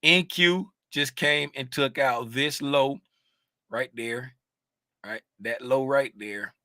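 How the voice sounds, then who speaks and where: Bright-voiced man teaching chart reading. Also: medium pitch, dry recording, studio quality. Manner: animated, sings out terms, asks the audience questions. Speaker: trading educator. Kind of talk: live chart walkthrough.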